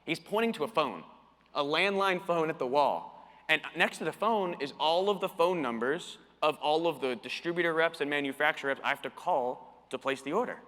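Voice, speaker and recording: A man giving a storytelling keynote talk at a conference, animated and acting out the quoted dialogue. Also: fairly high pitch, normal speed. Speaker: conference speaker. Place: conference hall. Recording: long reverb of a conference hall.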